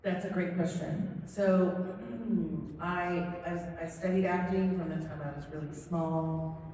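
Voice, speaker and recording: A woman's voice: on the low side, slow, a little hiss or hum. A middle-aged woman from Southern California, a voice actor telling stories and joking with fans at a convention Q&A panel. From Southern California, USA. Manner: chatty, animated, self-deprecating joking. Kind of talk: convention Q&A storytelling. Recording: echoey hall, voice from far off.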